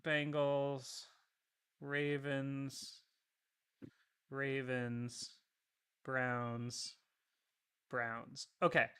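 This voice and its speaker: A man co-hosting a casual sports podcast, animated and ranting, swearing freely as he talks through a schedule. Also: medium pitch, extremely slow, pauses often, clean tone. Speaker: podcast co-host.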